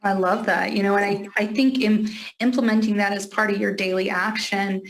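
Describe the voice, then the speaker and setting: A woman's voice: mid-range voice, fairly even intonation, moderate pace, poor audio. A woman hosting an interview, affirming her guest and asking follow-up questions. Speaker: interview host. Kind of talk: conversational interview.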